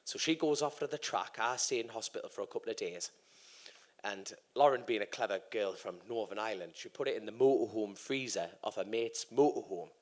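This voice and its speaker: A man's voice: on the low side, a little fast. A man in his thirties, a guest racer, telling a long sweary anecdote on stage at a live podcast event and acting out the voices of the people in it. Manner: swearing, acts out quoted voices. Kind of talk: animated live storytelling.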